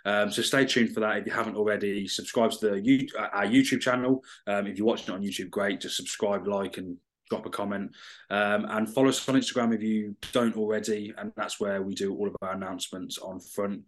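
A man co-hosts a podcast and gives a loose, upbeat intro, plugging the channel. His voice is fairly low and relaxed. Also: brisk. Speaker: podcast co-host.

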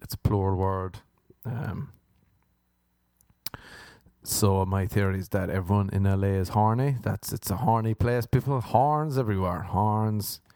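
A man's voice: fairly low pitch, steady tone, a little slow, warm tone, no echo, clean studio sound. A man from Ireland with an Irish accent, hosting a solo comedy podcast, rambling through crude jokes and swearing. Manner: crude, swearing, jokey tangents and wordplay. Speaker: podcast host. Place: indoors at home by a window.

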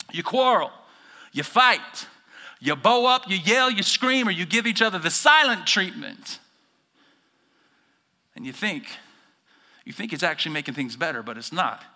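Pastor guy preaching, high bright forceful voice, talks right at the crowd and acts out other people's voices. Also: in a large hall. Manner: animated preaching, talks directly to the congregation, acts out quoted voices. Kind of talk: sermon.

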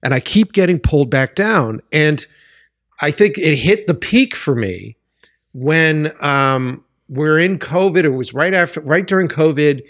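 A man's voice: on the high side, expressive, unhurried, a bit bright. A man from Boston hosting a podcast, telling a candid story with lots of swearing and emphasis. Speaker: podcast host. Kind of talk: candid interview chat.

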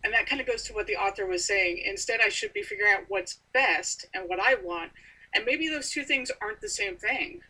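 A woman in casual chat about a book, thoughtful and measured, with frequent "you know". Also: mid-range voice, bright, forceful tone, husky, far from the mic, poor audio. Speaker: book discussion co-host.

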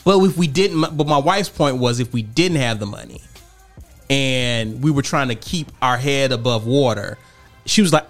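A man's voice: medium pitch, normal speed, faint music behind. A man co-hosting a casual podcast, arguing his view firmly and acting out quoted conversations. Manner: assertive, animated, acts out quoted dialogue. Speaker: podcast co-host. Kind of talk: casual debate chat.

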